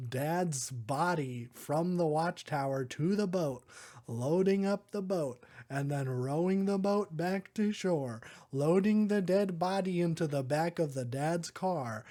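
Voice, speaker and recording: A podcast host with a fairly high, warm voice casually recaps a movie in a rambling way. He chuckles often and fills his talk with "like."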